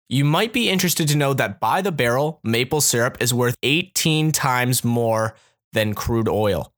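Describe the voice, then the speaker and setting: A man's voice: medium pitch, fairly bright tone. A young man from Canada hosting a comedy podcast, joking and sarcastic with frequent laughter. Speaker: podcast host. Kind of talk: casual comedic podcast monologue.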